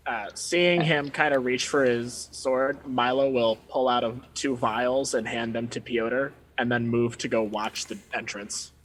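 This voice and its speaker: A man's voice: medium pitch, steady tone, measured pace, hardly any pauses, a bit bright, slight background noise, low-quality recording. Male player, wry and self-mocking, faint ambience. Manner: joking, mock-boastful. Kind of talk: tabletop role-play chat.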